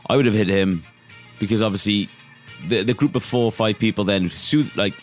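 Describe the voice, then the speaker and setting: A man's voice: on the low side, a little fast, faint music behind. A man chatting casually as a podcast co-host, laid-back and swearing freely. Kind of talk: casual chat.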